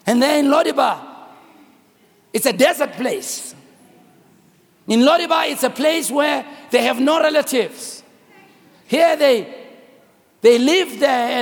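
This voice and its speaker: South african pastor guy preaching loud and dramatic, high gravelly voice. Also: big-room sound. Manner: dramatic storytelling, acts out voices, often shouts. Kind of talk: sermon.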